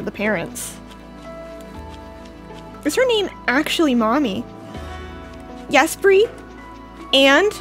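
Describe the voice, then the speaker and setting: High-pitched playful woman streamer. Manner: chatty, playful, talks to chat. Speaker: game streamer. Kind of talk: casual gameplay commentary. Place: indoors at home, cold room.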